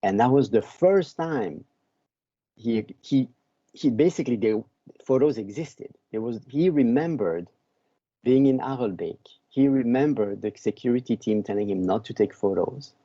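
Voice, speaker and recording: A man from Belgium, a podcast guest who tells a long story slowly and often repeats words as he searches for them. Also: medium pitch, expressive, warm tone, no room sound, highs cut off. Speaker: podcast guest, book author.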